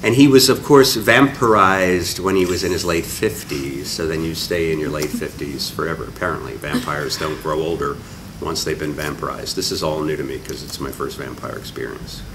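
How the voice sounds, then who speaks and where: A man's voice: a bass voice, normal speed, few pauses, far from the mic, crowd noise. A male actor being interviewed at a convention, talking in a wry, self-mocking, chatty way. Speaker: actor interviewed at a press junket. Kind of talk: casual press interview. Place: busy convention venue. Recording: noisy convention hall.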